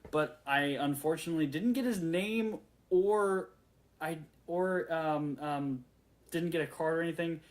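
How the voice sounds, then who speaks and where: A man in his late twenties telling a story in a rambling, excitable way, full of fillers and restarts. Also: fairly high pitch, unhurried. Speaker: vlogger. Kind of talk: casual storytelling rant.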